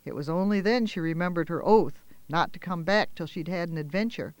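A man telling a children's story aloud in a gentle, expressive way, with small pauses and fillers. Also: fairly high pitch, clean tone, no room sound.

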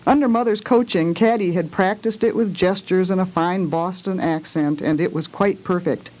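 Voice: mid-range voice, darkish tone, poor audio. A parent reading children's books aloud, with hesitant chatty asides between passages. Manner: measured, with small hesitations in asides. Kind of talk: read-aloud storytelling with asides.

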